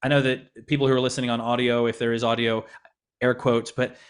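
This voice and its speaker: An American man, a pastor, talks with an earnest, conversational manner and often restarts his sentences. His voice sits at a middle pitch. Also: little pitch movement, a little fast, clear, resonant tone. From United States. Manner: earnest, frequent restarts and repeated words. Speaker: pastor and missionary in France. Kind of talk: conversational interview answers.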